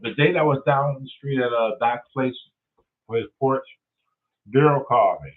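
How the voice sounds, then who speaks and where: A man's voice: medium pitch, moderate pace. A man hosting his own show, telling stories in a casual, profane rant and acting out what people said. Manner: profane, animated storytelling with acted-out quotes. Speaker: host. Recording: tinny phone-like sound.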